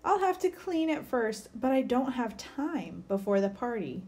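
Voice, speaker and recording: A woman voicing an excitable young girl bird twin in a storybook reading, high-pitched and fretful. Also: unhurried, lightly acted.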